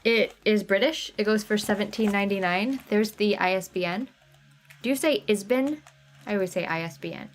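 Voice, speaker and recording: A woman's voice: mid-range voice, fairly quick, slight background noise. Chatty woman hosting a live sale. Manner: chatty, reads out viewer names and chat comments. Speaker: livestream sale host. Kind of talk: casual live sale chat.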